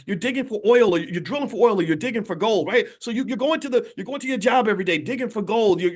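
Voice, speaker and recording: Man, fairly high voice, host of a livestream talk on his phone; emphatic, preachy, addresses viewers directly. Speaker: financial commentator and channel host. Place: hotel room.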